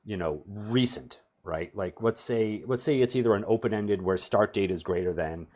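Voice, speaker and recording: Teaching a database tutorial over screen share, a middle-aged trainer talks casually at a normal speed. His pitch runs low, the tone a bit dark, and his humor is sardonic and aimed at himself.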